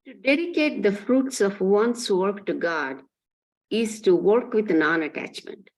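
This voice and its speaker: A woman's voice: medium pitch, expressive, unhurried, darkish tone, rough recording. A woman reading a religious text aloud for a class, carefully and evenly. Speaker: reader in a class.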